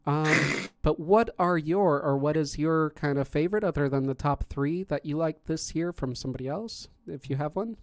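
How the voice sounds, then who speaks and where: A podcast host who also judges contests chats casually on his stream, rambling through an explanation of the judging with lots of fillers and restarts. His voice sits fairly high, and he talks at a moderate pace with hardly any pauses.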